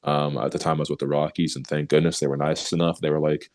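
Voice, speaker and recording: A young man, a baseball pitcher guest, telling stories in a casual interview and acting out the lines of the people he quotes. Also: quick pace. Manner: animated storyteller who acts out quoted remarks, laughs easily.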